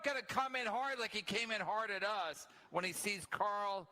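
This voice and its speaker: Podcast host, man, high bright voice, provoking and gossipy. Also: normal speed. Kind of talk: casual podcast chat.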